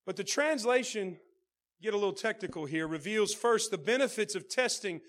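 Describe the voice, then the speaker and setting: A pastor gives an animated sermon at a moderate pace, calling out to those gathered. He moves back and forth between soft, low sections and shouted preaching.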